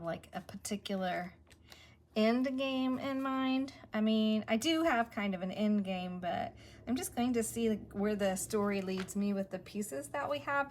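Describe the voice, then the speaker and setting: A woman's voice: mid-range voice, a little hiss or hum. A woman crafting at home, chatting casually and thinking aloud as she stamps, sounding a bit winded. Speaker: craft video creator.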